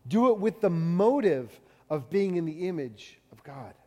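A man preaching a sermon in a conversational way, swinging from loud to hushed. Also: sits high, lively intonation, a little slow, long reverb tail. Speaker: pastor.

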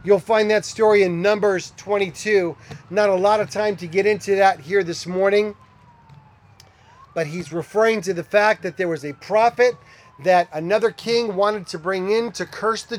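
A man preaching a sermon as a pastor, conversational, with animated storytelling. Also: sits high, moderate pace.

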